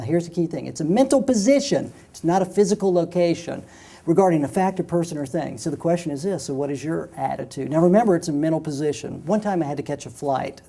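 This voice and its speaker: A man's voice: fairly high pitch, creaky, warm tone. A man, a sales trainer, giving an emphatic motivational talk that repeats key phrases and tells stories.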